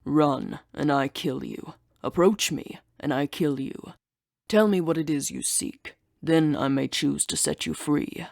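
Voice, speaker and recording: A woman voicing an ancient male winged ox-bodied monster guarding a temple, speaking slowly in a growling, solemn manner. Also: sits low, gravelly, a little mellow, no echo, clean studio sound, heavily acted. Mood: menacing.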